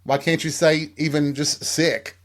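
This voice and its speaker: A man's voice: on the high side, flat delivery, measured pace, close to an everyday voice. A man voicing an exasperated office manager who is demanding a plain word.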